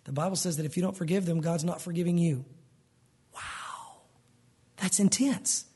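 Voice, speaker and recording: A man's voice: on the high side, fairly even intonation, racing, warm tone, breathy edge. A man preaching a sermon in a conversational, earnest way, explaining verses in plain words and calling the listeners "guys". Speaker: pastor.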